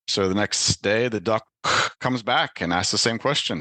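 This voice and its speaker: A man's voice: fairly low pitch, normal speed, bright, forceful tone, no echo. A man who is a guest on a podcast, chatting casually and telling dad jokes that he laughs at himself. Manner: tells dad jokes with quoted voices, laughs at his own jokes.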